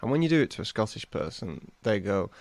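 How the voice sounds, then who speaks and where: A man's voice: lowish voice, very animated, fast talker. A man co-hosting a podcast in wry, playful chat. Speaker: podcast co-host. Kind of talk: casual chat.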